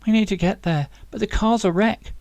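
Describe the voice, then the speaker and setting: A man's voice: high-pitched, moderate pace, vocal fry, a little mellow, no room sound, voice pushed up. A man voicing a bold young woman who speaks urgently and pleads.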